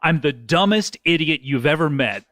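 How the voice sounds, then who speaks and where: A man hosting a comedy podcast, playful and quick with a laugh as he teases his guest. His voice sits a little high for a man. The studio sound is dry, with no room echo. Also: animated, fairly bright tone. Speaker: podcast host. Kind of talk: comedic interview.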